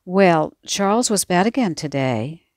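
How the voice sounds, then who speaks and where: A woman voicing a cheeky, boastful kindergarten boy who talks in an excited, taunting way. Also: lowish voice, unhurried, no echo, studio quality, voice pushed up. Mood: gleeful. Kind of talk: audiobook character voice.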